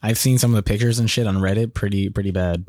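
A man's voice: lowish voice, steady tone, fast talker, a little mellow, no echo. A young man co-hosting a podcast in casual chat, easygoing and giving short replies. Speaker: podcast co-host.

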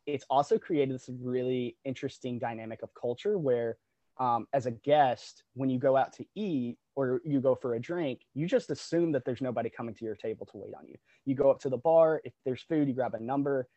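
A man's voice: mid-range voice, a little fast, warm tone, no room sound. A man who is a guest on a podcast, chatting casually and reflectively about the restaurant industry, laughing readily.

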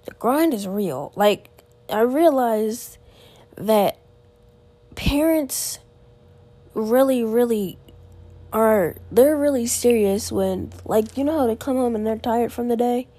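A teenage girl hosts her own casual podcast at home, talking slowly with frequent pauses in a fairly high, dark-toned voice. She sounds tired, rambling about her weekend with many "like" fillers and restarts, and the recording is dry.

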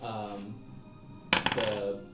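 A man's voice: lowish voice, completely flat delivery, extremely slow. A man from Minnesota narrating as game master, rambling with many fillers and restarts and laughing often. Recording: roomy echo, mic at a distance, faint music.

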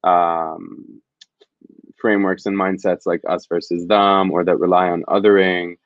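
A man's voice: sits low, level tone, unhurried, dry recording, muffled recording. A man, a field reporter, telling stories in an interview in an earnest, reflective, rambling way. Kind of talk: conversational interview storytelling.

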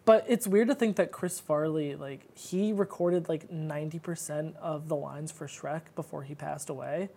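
A woman's voice: sits low, normal speed, creaky, few pauses, dark tone. A woman co-hosting a podcast in casual chat, reeling off facts and figures in a chatty way. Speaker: podcast co-host.

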